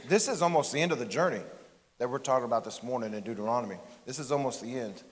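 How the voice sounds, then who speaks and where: A man's voice: medium pitch, fast. A middle-aged man giving a candid, conversational sermon as pastor, often restarting his phrases. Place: church sanctuary. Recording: long reverb of a large church hall.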